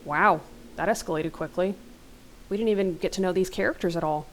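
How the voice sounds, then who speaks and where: A woman's voice: fairly low pitch, a little fast, slight background noise, low-quality recording. A young woman hosting a let's play, reading an interactive horror novel aloud into a desk mic, breaking her dramatic reading with startled gasps and comments. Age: young adult.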